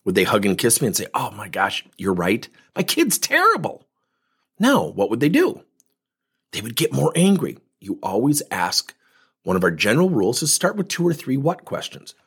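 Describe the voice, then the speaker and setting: A man who coaches and trains people in workplace talk, telling stories in an animated way and acting out the dialogue. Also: medium pitch, a little fast, breathy edge.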